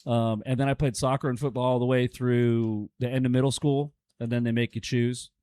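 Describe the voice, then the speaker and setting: A man's voice: medium pitch, level tone, brisk, mellow, no echo. A man in his forties in a casual podcast chat, telling rambling self-deprecating stories. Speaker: podcast guest.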